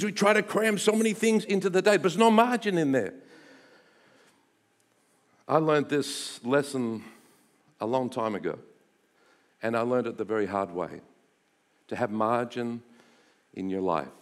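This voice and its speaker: A middle-aged man, preaching a sermon and telling a personal story in an animated way, dropping to hushed tones and rising to loud bursts. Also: mid-range voice, moderate pace, long pauses. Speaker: pastor.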